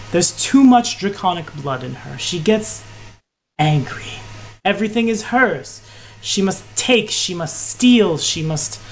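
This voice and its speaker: Mysterious, manipulative woman, higher and lighter, voiced by a female game master. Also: a little hiss or hum. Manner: soothing, coaxing, then insistent.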